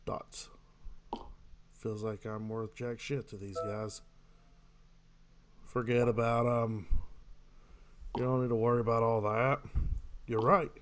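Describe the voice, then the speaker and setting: A man narrates a game he is playing, reading its messages aloud and firing joking replies back at them. His pitch sits in an ordinary middle range. A steady hiss runs under the recording. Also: slow, long pauses. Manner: reads in-game texts aloud, answers with jokes. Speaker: gamer. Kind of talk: let's play commentary.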